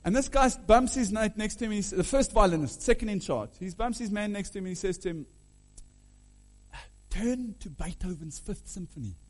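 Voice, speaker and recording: A man preaching a sermon, animated, humming tunes and questioning his listeners. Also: high-pitched, fast talker, hardly any pauses. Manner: animated, hums and sings melodies aloud; asks the audience questions.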